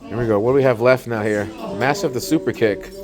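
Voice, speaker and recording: A man's voice: mid-range voice, quick pace. A man doing joking play-by-play commentary for a wrestling match, his voice jumping up sharply at the big moves. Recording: loud crowd and music behind.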